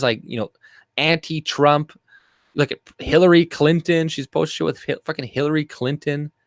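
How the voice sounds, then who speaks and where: A man's voice: a little high, no echo. A man from Canada giving a rambling, profane and scornful commentary while scrolling through posts. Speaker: commentary vlogger. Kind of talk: ranting screen-share commentary.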